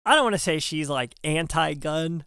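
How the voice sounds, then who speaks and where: A young adult man, a firefighter guest on a podcast, telling a story casually and acting out what other people said in quick quoted bits. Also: fairly high pitch, sharp tone, smooth, no echo, studio quality. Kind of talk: animated storytelling in casual conversation.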